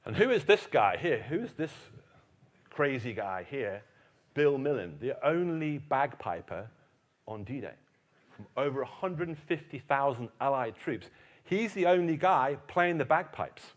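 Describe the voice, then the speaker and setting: A man from Britain giving a keynote history lecture, telling anecdotes in a lively, animated way. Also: mid-range voice, a little slow.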